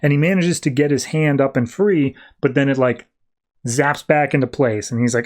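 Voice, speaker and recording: A man's voice: mid-range voice, normal speed. A man hosting a podcast, casually recapping a comic with loose, filler-heavy paraphrase. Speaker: podcast host.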